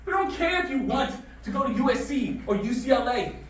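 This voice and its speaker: A man giving a motivational talk to high school students, drawing answers from the room and telling stories, recorded in a roomy classroom away from the mic. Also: brisk, far from the mic. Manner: animated, calls for answers, storytelling. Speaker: motivational speaker.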